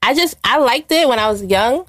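Woman, podcast co-host, easygoing, argues back, lively pitch, dry close sound. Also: moderate pace, no echo. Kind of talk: casual chat.

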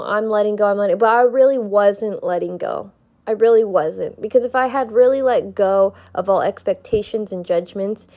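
Young woman, stuffy nose, slow heartfelt spiritual pep talk, swears a bit, dull lo-fi sound. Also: mid-range voice, warm tone. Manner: earnest, heartfelt, swears for emphasis. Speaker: vlogger.

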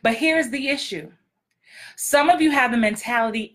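A woman's voice: mid-range voice, animated, moderate pace, a bit bright. A woman acting coach hosting a podcast, talking in a direct, blunt, emphatic way with repeated punchlines. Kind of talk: casual podcast monologue.

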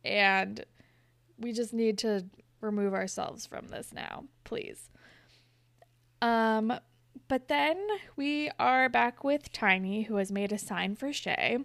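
A woman's voice: on the high side, takes it slowly, vocal fry, fairly bright tone, no room sound. A young woman co-hosting a casual chat, retelling a show's scenes and acting out the characters' lines. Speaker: podcast co-host recapping a TV episode.

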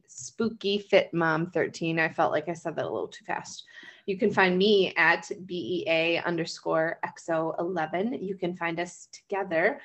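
A woman's voice: lowish voice, fairly bright tone. A woman co-hosting a podcast over a video call, chatty and casual, swearing and laughing often. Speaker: podcast co-host. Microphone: remote call mic.

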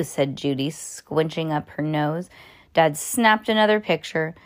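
A woman's voice: deep voice, a little slow. Woman reading a storybook aloud at home. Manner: casual home read-aloud with slips and restarts. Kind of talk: reading a children's book aloud.

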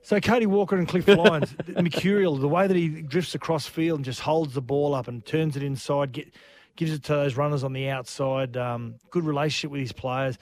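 A man's voice: on the high side, fairly even intonation, normal speed. An Australian man co-hosting a sports radio show, chatting casually and laughing along as he runs through players.

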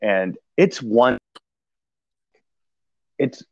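A man casually telling a personal story in a halting way, with many restarts and fillers. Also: medium pitch, no echo, lo-fi sound. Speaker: podcast guest sharing recovery story.

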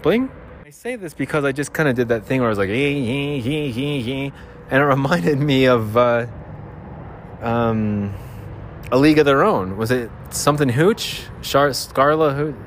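A man's voice: medium pitch, expressive, normal speed. Nasal man rambling outdoors by traffic. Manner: rambling, self-deprecating, jokey. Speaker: podcast host. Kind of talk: rambling casual monologue. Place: outdoors by a freeway. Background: traffic and motorcycles.

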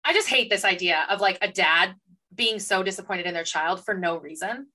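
A woman's voice: mid-range voice, moderate pace, bright, forceful tone. A young woman co-hosting a casual book podcast, speaking emphatically with strong opinions and casual swearing. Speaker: podcast co-host. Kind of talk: casual chat.

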